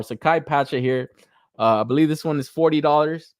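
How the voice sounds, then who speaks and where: A podcast co-host reviews action figures in casual, profane chat, talking bluntly and incredulously, laughing often, and mocking others' hype in exaggerated voices. His medium-pitched voice is lively and a little fast, and the recording is dry with clean studio sound.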